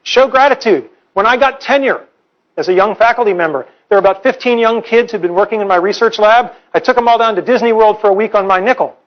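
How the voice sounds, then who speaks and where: A professor in his forties gives a humorous, earnest public lecture, his voice sitting high for a man. He tells stories in a wry, playful way. The recording sounds a little dull and muffled. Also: quick pace.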